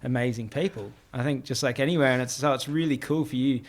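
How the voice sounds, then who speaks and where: A man's voice: medium pitch, fast talker. A man hosting a podcast, talking in a casual, reflective way with many fillers. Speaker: podcast host. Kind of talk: casual conversational interview.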